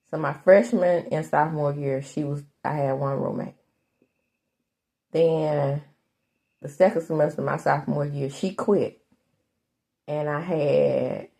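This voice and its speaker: Chatty low-voiced woman podcaster. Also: creaky. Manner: animated, chatty, slangy asides. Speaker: podcast host recapping a TV soap. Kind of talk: casual chat.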